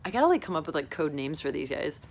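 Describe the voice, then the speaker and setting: A woman's voice: deep voice, sing-song, fast, creaky, darkish tone. A woman vlogging in a casual, confessional monologue, rambling and effusive with lots of "like", often laughing as she talks. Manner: rambling and effusive, heavy use of "like"; laughs often while talking.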